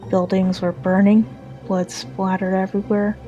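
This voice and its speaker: A woman narrating a dark first-person pony story in an earnest, slightly halting reading. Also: medium pitch, level tone, lo-fi sound, soft background music.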